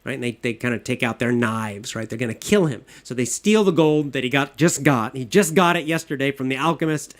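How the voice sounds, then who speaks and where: A man's voice: mid-range voice, brisk, few pauses. A man retelling a story in plain, simple English with repeated phrases.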